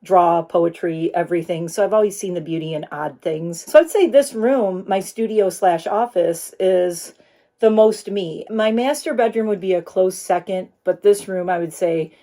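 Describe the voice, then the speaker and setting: A woman's voice: on the low side, normal speed, warm tone. A middle-aged woman vlogging from her home studio office, chatting earnestly to her phone camera and turning tender at times. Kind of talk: casual chat to camera.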